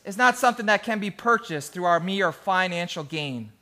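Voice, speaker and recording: A man preaching a sermon as pastor, emphatic, swinging between loud and hushed, with rhythmic lists. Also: sits high, lively intonation, moderate pace, hardly any pauses.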